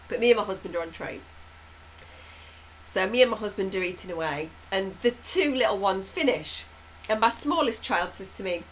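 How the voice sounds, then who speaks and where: A woman's voice: medium pitch, fairly bright tone, slight background noise, low-quality recording. Chatty woman telling anecdotes. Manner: chatty, rambling, laughs often. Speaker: hypnotherapist host. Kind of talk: casual storytelling update.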